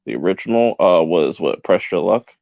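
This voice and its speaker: A laid-back man joins in on a casual live-stream chat with joking asides. His voice is very deep and gravelly, and his pitch moves around a lot. The sound is dry and dull, like a cheap, lo-fi mic. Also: lively intonation, normal speed, no room sound. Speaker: podcast co-host.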